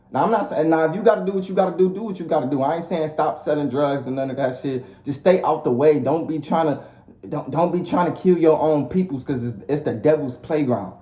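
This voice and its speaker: This clip features a man whose voice sits on the high side with a dark tone, ranting casually at the camera like a vlogger. Blunt, profane, and highly repetitive, he's recorded in a space with a roomy echo.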